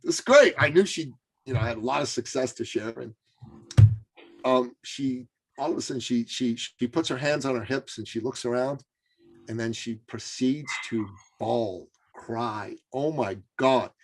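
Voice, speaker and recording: A man telling a story as an interview guest, animated and full of fillers and restarts. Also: mid-range voice, a little slow, background noise.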